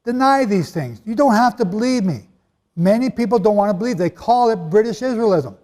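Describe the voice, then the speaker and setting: High-voiced man preaching in a reverberant hall. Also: expressive, fairly quick, warm tone. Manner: emphatic, conversational, quizzes the audience. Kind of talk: sermon-style teaching to a live audience. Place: large hall with an audience.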